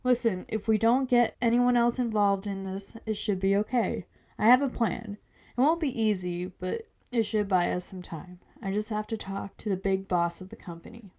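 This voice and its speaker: A woman's voice: mid-range voice, normal speed, darkish tone, natural voice. Secretive father read by a woman, earnest, confessional, storybook podcast. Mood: scheming. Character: secretive worried father with a past.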